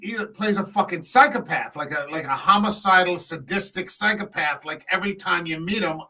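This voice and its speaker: A man on a casual podcast, telling a long, profane anecdote in an animated way with lots of fillers. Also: high-pitched, a little fast, poor audio. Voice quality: tall man, six foot five. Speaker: podcast co-host. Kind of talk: casual storytelling chat.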